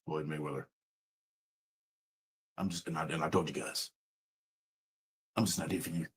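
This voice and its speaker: A man doing a deep mock-solemn pledge. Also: fairly even intonation, moderate pace, a little hiss or hum. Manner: droning, mock-solemn mimicry.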